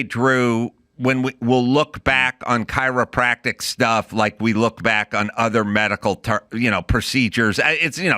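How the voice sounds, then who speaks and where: A man's voice: mid-range voice, sharp tone, no room sound, studio quality. A middle-aged man co-hosting a podcast, riffing in comedic casual chat and acting out voices and sound effects. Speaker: podcast co-host.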